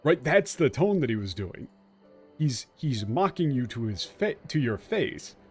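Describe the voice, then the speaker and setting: A man's voice: medium pitch, big pitch swings, a little slow, husky, soft background music. A male game streamer giving casual let's-play commentary, analytically picking apart a translation word by word and swearing now and then.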